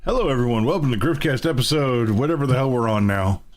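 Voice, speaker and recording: A man's voice: medium pitch, expressive, fast talker, slight background noise. A man hosting a casual nerdy podcast, rambling and correcting himself as he talks. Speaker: podcast host.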